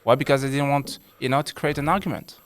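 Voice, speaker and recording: A man's voice: medium pitch, steady tone, fast talker, slight background noise. A man who is a psychologist, talking as a podcast guest and explaining earnestly with rhetorical questions. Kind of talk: casual conversation.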